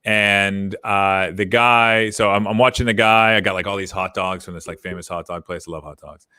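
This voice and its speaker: A man co-hosting a business podcast in casual chat, telling stories in an animated way that gets heated. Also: low-pitched, normal speed, clean tone, dry recording, studio quality. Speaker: podcast co-host.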